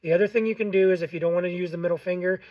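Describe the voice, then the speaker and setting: Man, higher voice, plain-spoken how-to host, slightly dull recording. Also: fairly even intonation, racing. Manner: plain-spoken, frequent ums, checks in with okay. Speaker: game call maker and tutorial host. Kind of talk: casual how-to tutorial.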